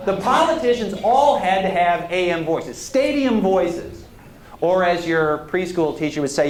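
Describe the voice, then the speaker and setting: A man's voice: sits high, big pitch swings, unhurried, a crowd in the background, background noise. A man giving a public lecture as a historian, talking in a conversational, digressive way and putting questions to the audience. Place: lecture hall. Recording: echoey lecture hall.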